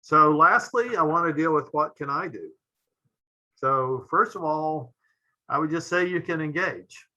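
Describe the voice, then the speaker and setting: Bright-voiced man giving a medical lecture. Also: a little high, rough recording. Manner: measured, frequent "uh" fillers, trailing off at phrase ends. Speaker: pediatric intensivist lecturer.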